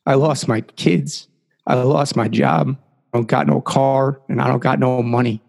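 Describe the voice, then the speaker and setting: A man voicing a big drunken man who talks in a gruff, blunt way. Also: medium pitch, steady tone, measured pace, a little mellow, long reverb tail. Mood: dejected.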